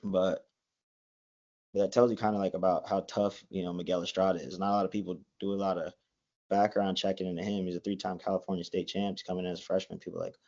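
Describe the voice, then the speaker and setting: A man's voice: low-pitched, level tone, fast, a little mellow. A young man in his twenties, a college wrestler, chatting as a guest in a rambling way, full of likes and restarts. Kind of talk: casual interview. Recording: dull lo-fi sound.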